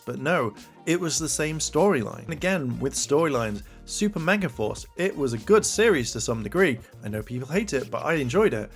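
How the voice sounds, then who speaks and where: A man hosting an opinion commentary, talking in a rambling, casual way full of fillers, his pitch climbing when he gets exasperated. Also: expressive, fairly quick, soft background music. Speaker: commentary channel host.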